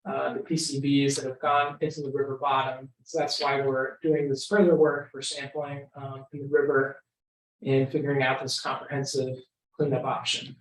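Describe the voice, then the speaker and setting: A man's voice: mid-range voice, flat delivery, normal speed. A man presenting the technical site background at a public meeting, summarizing cleanup work. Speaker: project presenter. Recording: roomy audio from a distance.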